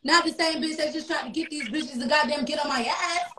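A woman's voice: sits high, fairly quick, sharp tone, roomy sound, a little hiss or hum. A woman ranting in angry, defiant casual talk, swearing constantly.

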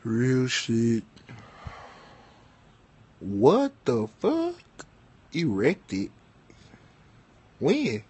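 Guy venting to his camera, slow draggy delivery, swears a lot, voice jumps all over. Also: medium pitch, wildly swooping pitch, husky. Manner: profane, spells words out loud, talks back to people off mic. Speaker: vlogger. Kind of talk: casual rant to camera.

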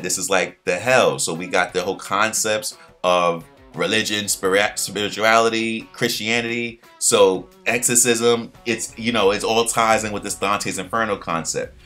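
A man's voice: fairly low pitch, bright, forceful tone. A young man hosting a casual recap, rambling in slang with many restarts. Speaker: show recap host.

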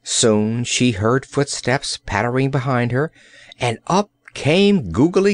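A man narrating a children's fantasy audiobook with expressive storytelling. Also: medium pitch, slow, no room sound. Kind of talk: scripted narration.

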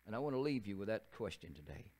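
A man's voice: lowish voice, sing-song, fast, darkish tone, breathy edge. An older man with a Southern US accent, preaching a sermon as a pastor in a church, telling folksy stories and often repeating and restarting his phrases.

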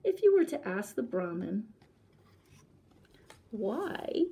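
A woman telling a children's story aloud as a library storyteller, with clear, expressive delivery. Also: mid-range voice, slow, poor audio. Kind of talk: reading a picture book aloud.

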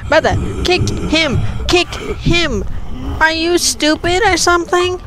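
A woman's voice: extremely high pitch, slow pace. A woman gamer giving jumpy horror game commentary, swearing and talking back at the game. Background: game music.

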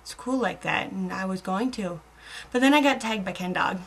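A woman's voice: medium pitch, moderate pace, breathy edge. A young American woman chatting casually in a video blog, rambling and self-mocking, with giggles and voice dropping to murmurs. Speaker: vlogger.

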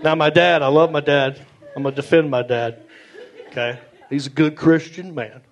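A male stand-up comedian performing a playful, animated set and talking with the audience, on a club stage with a handheld mic. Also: on the high side, moderate pace, dull audio. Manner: animated and playful, talks with the crowd. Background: audience laughter.

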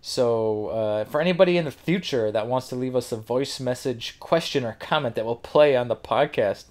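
A man's voice: medium pitch, moderate pace, darkish tone. A man hosting a podcast, telling a rambling, profane story with frequent laughs. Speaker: podcast host.

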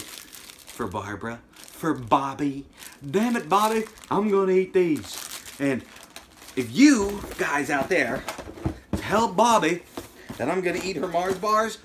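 Male vlog host, high and very animated, loud bursts, faint hiss behind. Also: measured pace. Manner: excitable, exclaiming, swings between shouts and mutters. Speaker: vlogger unboxing fan mail. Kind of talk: excited unboxing vlog.

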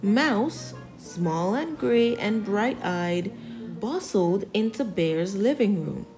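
A woman reading a children's picture book aloud, slowly and expressively. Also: medium pitch, faint music behind, poor audio. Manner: slow, expressive, animated. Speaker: storyteller.

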